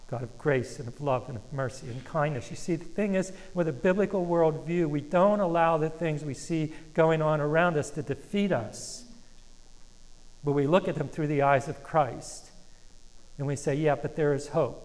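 A man preaching a sermon as pastor, earnest and halting with restarts, slowing down when he reads scripture aloud. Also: a little high. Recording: long reverb of a hall.

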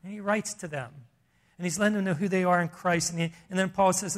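A man's voice: high voice, fairly even intonation, fast. A man preaching a sermon in a church, earnest and conversational, often restarting his sentences. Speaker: pastor.

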